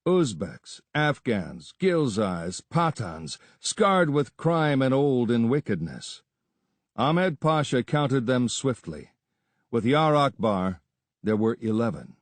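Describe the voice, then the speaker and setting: A man narrates an adventure story in a steady, measured reading voice of middle pitch. The recording is close and dry, with no room around it. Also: dry recording. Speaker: audiobook narrator. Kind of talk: scripted narration.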